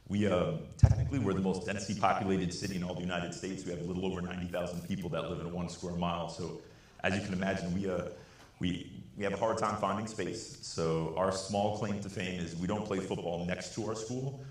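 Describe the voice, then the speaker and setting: A man giving a storytelling keynote speech, animated and acting out the voices of the people he quotes. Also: deep voice, fairly quick. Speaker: keynote speaker. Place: large conference hall. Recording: echoey hall.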